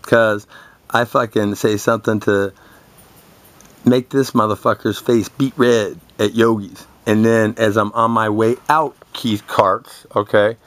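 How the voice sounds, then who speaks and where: A man's voice: on the low side, level tone, unhurried, a bit bright. Boastful, foul-mouthed young man ranting. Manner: boastful, crude and confrontational, swearing constantly. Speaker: vlogger. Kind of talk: profane rambling monologue to camera.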